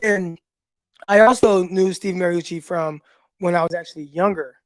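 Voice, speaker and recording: A man hosting a casual livestream, telling stories in an animated way with laughs, talking into a phone. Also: high voice, moderate pace, no echo, studio quality. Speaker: podcast host and former football player.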